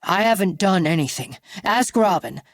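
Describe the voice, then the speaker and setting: A woman's voice: on the low side, lively intonation, moderate pace, no room sound. A woman reader voicing a nervous, defensive man pleading his innocence in an audiobook. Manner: nervous, whiny.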